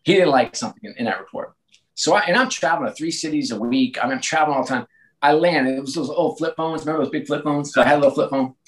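Animated man telling stories in an interview. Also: on the high side, very fast, poor audio. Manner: animated, frequent restarts and repeated words. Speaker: guest, sports team executive. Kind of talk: casual interview storytelling.

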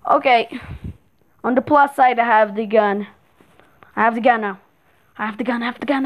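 Excitable high-voiced woman gaming. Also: normal speed, long pauses, rough recording. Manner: excitable, repeats words in bursts. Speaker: gameplay streamer. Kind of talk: live horror game commentary.

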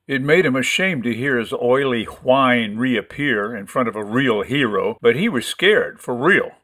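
Male narrator, measured expressive audiobook read, mid-pitched. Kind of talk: audiobook story reading.

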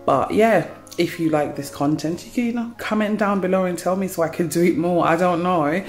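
A woman's voice: on the low side, a little fast, soft background music. Chatty woman vlogging. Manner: chatty, relaxed and apologetic. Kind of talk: casual vlog chat to camera. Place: at home, indoors.

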